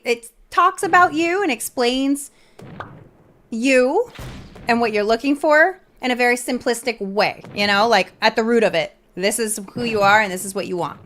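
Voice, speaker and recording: Chatty woman streamer, slightly high voice. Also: fairly bright tone, slight background noise. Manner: rambling, filler-heavy, chatty. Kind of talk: casual stream chat.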